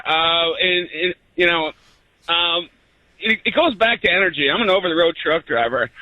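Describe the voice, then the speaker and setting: Trucker calling in, rambly and relaxed, super bright tense voice, dry sound. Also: male voice, fairly high pitch, no room sound, low-quality recording. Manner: easygoing, rambling, many fillers. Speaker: caller, truck driver. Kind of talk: call-in conversation.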